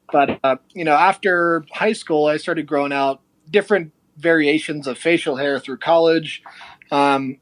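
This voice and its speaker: A young man speaks in a slightly high voice, close to a dry microphone. His story runs loose and chatty, and he jumps into the voices of the people he quotes. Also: dry recording. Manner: animated, acts out quoted people. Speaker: podcast guest. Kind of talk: casual storytelling.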